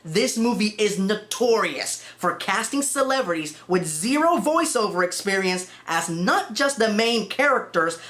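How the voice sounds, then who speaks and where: A woman's voice: mid-range voice, fairly bright tone. A woman narrating a comedic film review in a sarcastic, exasperated manner.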